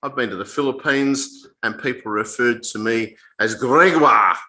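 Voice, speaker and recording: A man's voice: mid-range voice, steady tone, bright, forceful tone, rough recording. A man giving an informal Bible talk to a small group. He explains in a plain, conversational way, often stopping to repeat and restart his phrases. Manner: halting, repeats and restarts phrases mid-sentence. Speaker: Bible teacher.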